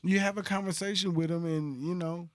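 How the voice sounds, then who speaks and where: A man's voice: high voice, fairly even intonation, fairly quick, dry recording. Profane storytelling man, dry close sound. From Dallas, Texas. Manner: storytelling, profane, laughs often, playful voice impressions. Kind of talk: casual chat.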